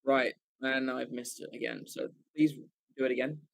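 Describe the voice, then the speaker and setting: A man giving live fan commentary for a watchalong stream, excitable, swearing casually and often correcting himself mid-call. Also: medium pitch, normal speed, creaky.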